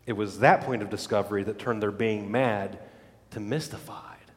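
A man preaching a sermon as pastor, dramatic, dropping to hushed low lines and then rising to loud exclamations. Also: fairly even intonation, normal speed, big-room sound.

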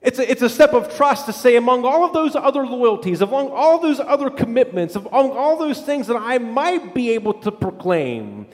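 Male pastor, sermon delivery, high-pitched, rhythmic repetition, long hall reverb. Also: very animated, moderate pace, few pauses. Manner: repetitive, emphatic cadence, drops voice low and soft for scripture.

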